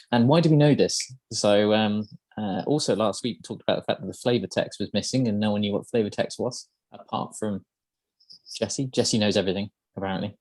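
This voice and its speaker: A man's voice: fairly low pitch, darkish tone, slightly rough, no echo. A man hosting a podcast, explaining game lore in casual chat, hesitant and full of ums and uhs. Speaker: podcast host.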